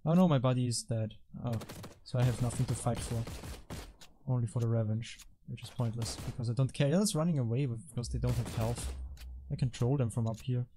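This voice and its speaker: A man's voice: medium pitch, brisk, noisy background. A man hosting casual gameplay commentary, rambling and self-mocking, with frequent exasperated outbursts at his teammates. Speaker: gaming channel host.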